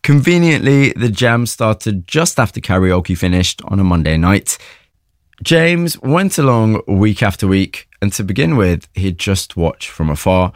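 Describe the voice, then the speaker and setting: Low-voiced male documentary narrator. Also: animated, unhurried, no echo, studio quality. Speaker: interviewer and narrator.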